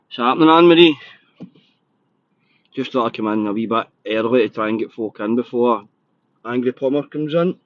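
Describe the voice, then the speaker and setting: A Scottish man hosting a live podcast in casual chat, excitable and a little nervous, swearing freely. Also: mid-range voice, brisk, pauses often, dry recording, muffled recording. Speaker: podcast host.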